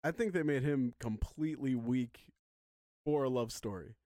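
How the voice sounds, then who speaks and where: A man's voice: mid-range voice, normal speed, warm tone, dry recording, studio quality. A man co-hosting a casual podcast, leading the questions and laughing often. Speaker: podcast co-host. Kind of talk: casual chat.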